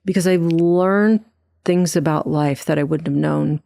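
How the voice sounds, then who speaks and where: Earnest middle-aged woman, low dry voice. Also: vocal fry, dark tone, no room sound. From New Jersey. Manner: earnest, fast storytelling with frequent restarts. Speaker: podcast guest. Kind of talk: personal testimony in a conversational interview.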